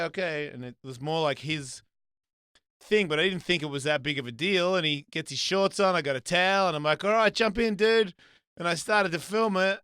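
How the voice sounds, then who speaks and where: A man hosting a live talk show, telling stories in a casual, animated way. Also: sits high, clean tone, no echo, clean studio sound. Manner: animated storyteller, voice jumps up when acting out scenes. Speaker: host. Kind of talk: casual chat.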